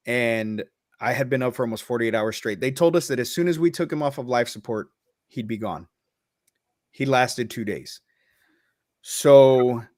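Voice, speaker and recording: A man's voice: mid-range voice, no echo, clean studio sound. Candid, profane man telling a story. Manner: candid and profane, loose with restarts. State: a little choked up. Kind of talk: casual storytelling.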